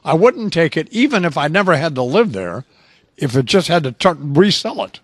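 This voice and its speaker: A man's voice: fairly high pitch, very animated, moderate pace, no echo. A man hosting a talk radio show, chatting in a dry, sardonic, needling way at the studio microphone. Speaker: radio host. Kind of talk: casual talk radio banter.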